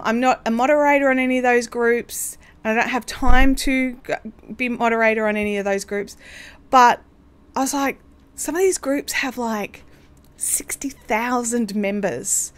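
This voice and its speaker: An Australian woman with a high, smooth voice hosts a casual craft livestream, chatty and bubbly. She rambles with plenty of fillers. She has the hiccups throughout this casual live chat.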